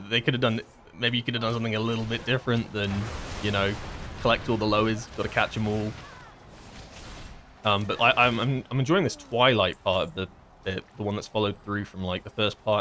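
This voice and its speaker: In this casual gameplay commentary, a man with a somewhat low, slightly bright voice rambles through the game's mechanics, packing his talk with fillers. A faint hiss or hum sits under the audio.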